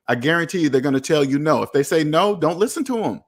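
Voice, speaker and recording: An emphatic man hosts a personal finance show. He reacts to viewer comments in a preachy way and breaks into sudden excited whoops. His voice sits a little high for a man. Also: fast, few pauses.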